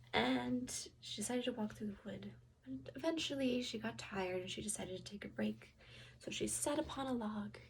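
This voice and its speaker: A student storyteller, a woman, reading a fairy tale aloud with expressive delivery and whispered sound effects. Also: a little high, breathy edge.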